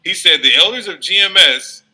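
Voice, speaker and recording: Very bright-voiced man, loose commentary. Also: high voice, normal speed, rough recording. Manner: laughing, stumbling, loose and animated. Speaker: commentator in a played video. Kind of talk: casual commentary.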